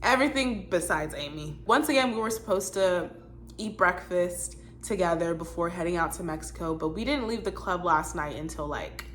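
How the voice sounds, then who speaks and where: Blunt, animated woman telling a story. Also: lowish voice, normal speed, a little hiss or hum. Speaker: vlogger. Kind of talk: storytime vlog.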